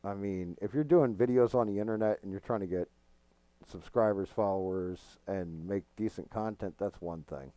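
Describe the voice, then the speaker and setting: Deep, dark-voiced man streaming casually. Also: moderate pace, no echo. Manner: frank, profane, rambling. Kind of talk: casual gaming stream chat.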